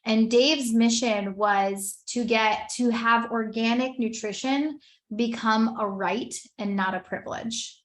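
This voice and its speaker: A woman's voice: on the high side, fairly even intonation, slow. A woman in her thirties giving an earnest, conversational personal testimony as a wellness business presenter, with many "like" fillers.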